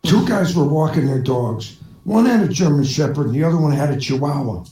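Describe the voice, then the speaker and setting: A man's voice: a little high, lively intonation, a little fast, warm tone. A man telling one bar joke after another as a stand-up comedian, laughing at his own jokes. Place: online voice chat room. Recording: echoey room from far off.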